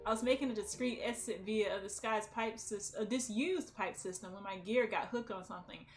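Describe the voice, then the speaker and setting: A woman's voice: medium pitch, a little fast, lightly acted. A woman voicing a man trapped in a pipe who urgently pleads for help, reading game dialogue aloud. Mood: pleading.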